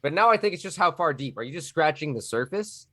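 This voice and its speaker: A man's voice: fairly high pitch, fast talker, dry recording. Man from Texas, casual podcast guest, sometimes puts on a drawl or a nerd voice; dry, close sound. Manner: slips between a relaxed Texan drawl and a nerdy put-on voice; loose, joking, rambling.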